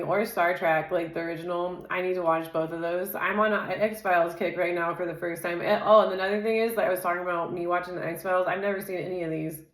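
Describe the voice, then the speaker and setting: Woman tarot reader, echoey room. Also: fairly low pitch. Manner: rattles off card keywords in quick lists; laughs easily and chats off-topic. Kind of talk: casual tarot reading.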